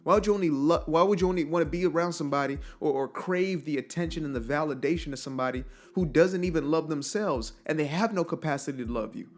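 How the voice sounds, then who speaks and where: A man's voice: on the high side, quick pace, hardly any pauses, faint music behind. A man in a casual, earnest motivational monologue, telling stories and asking rhetorical questions. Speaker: motivational vlogger.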